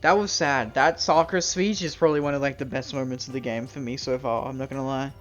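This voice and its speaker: A man's voice: medium pitch, fairly even intonation, fast talker, highs cut off, faint music behind. A man live-streaming a game, chatting casually with his viewers and swearing freely. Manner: casual, swearing, talks to chat. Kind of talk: live gameplay commentary.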